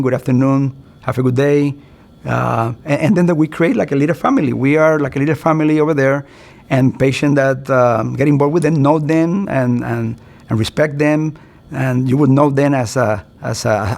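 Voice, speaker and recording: A middle-aged physician gives a recorded continuing-education lecture in an earnest, conversational way, acting out doctor-patient exchanges. His voice is medium-pitched with vocal fry and a darkish tone.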